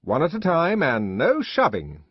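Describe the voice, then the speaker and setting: A man's voice: extremely high pitch, huge pitch swings, moderate pace, dry recording, pitched above the performer's own voice, exaggerated voice. A man doing a fussy, bossy young official. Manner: peremptory, then smoothly placating. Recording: dull lo-fi audiobook recording.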